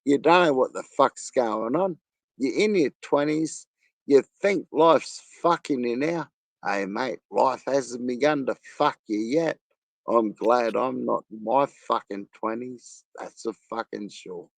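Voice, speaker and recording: A man's voice: mid-range voice, a little slow, vocal fry, no echo. Profane man, podcast co-host, dry close sound. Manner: blunt, profane, ranting. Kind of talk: casual chat.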